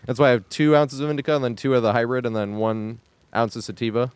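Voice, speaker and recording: A man streaming a game live, ranting in exasperation with frequent swearing and yelling at the screen in bursts. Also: mid-range voice, steady tone, quick pace, smooth, no room sound. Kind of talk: live gameplay commentary.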